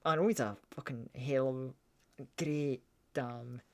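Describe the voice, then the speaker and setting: A man's voice: medium pitch, steady tone, a little slow. A man hosts a casual livestream, chatting with a guest. He rambles and hesitates, restarting his sentences and chuckling as he goes. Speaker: streamer host.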